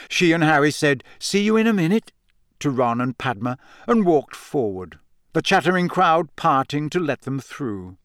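A man reads a storybook aloud in an even, measured narration. His voice sits in a middle register, neither high nor low. The recording is close and dry, with no room sound. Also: no room sound. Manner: steady storybook reading, lifting the pitch for girls' lines. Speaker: audiobook narrator. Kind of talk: scripted narration.

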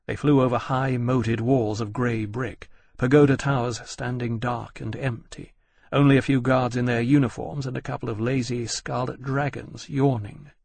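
A man narrating an audiobook in a measured, descriptive storytelling manner. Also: medium pitch, steady tone, creaky, a little mellow, slightly rough, no room sound. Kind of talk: scripted narration.

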